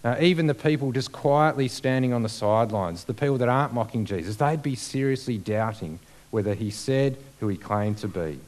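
A man's voice: mid-range voice, a little fast, a little mellow. A man preaching a sermon in a conversational way, with many fillers and rhetorical questions.

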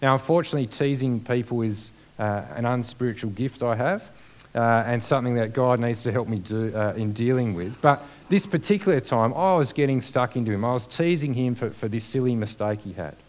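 A man's voice: mid-range voice, a little fast. A man preaching a sermon in a conversational way, with many fillers and rhetorical questions.

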